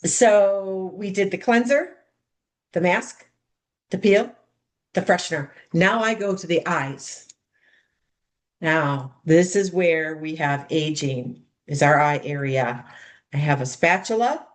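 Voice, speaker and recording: Speaking slowly in a voice on the low side, a woman walks a group through hosting a skincare party as a hands-on demonstration. She's bubbly and chatty, calling everyone "you guys."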